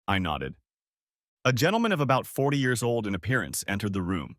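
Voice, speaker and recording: A man reading a first-person story aloud in a dramatic, expressive way. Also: on the low side, a little fast, no room sound, clean studio sound. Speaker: story narrator.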